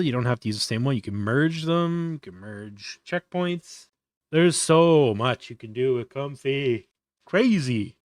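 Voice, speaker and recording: A man hosting a casual live-stream software tutorial, thinking aloud with lots of fillers and restarts, yawning often. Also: mid-range voice, dry recording, clean studio sound.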